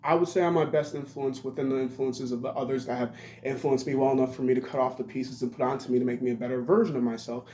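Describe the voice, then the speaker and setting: A man's voice: medium pitch, steady tone, fast talker, darkish tone. Blunt young man rambling in an echoey room. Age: 20s. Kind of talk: rambling spoken monologue. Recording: roomy echo.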